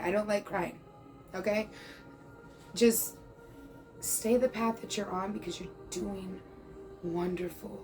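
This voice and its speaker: A woman's voice: mid-range voice, fairly even intonation, slow pace, pauses often, darkish tone, soft background music, poor audio. A woman in her thirties giving a casual tarot reading, chatty and reassuring, checking in often and now and then calling the listener "bro". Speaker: tarot reader.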